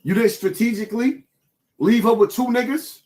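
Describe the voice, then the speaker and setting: A man's voice: very high-pitched, moderate pace, a little mellow. A man questioning someone in a challenging, skeptical way.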